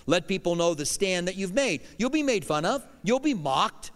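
A middle-aged man delivers a sermon with earnest conviction, his voice sitting a little high for a man. He pushes some lines out loudly and drops others to a hush. A long reverb trails each phrase, as in a church sanctuary. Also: sing-song, moderate pace. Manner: earnest preaching, swings from loud to hushed. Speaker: pastor.

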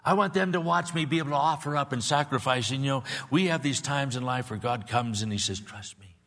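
A man's voice: mid-range voice, quick pace, a bit bright. A man in his sixties preaching a sermon in an earnest, repetitive way, building to emphatic peaks. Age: 60s. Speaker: pastor. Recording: long reverb of a large hall.

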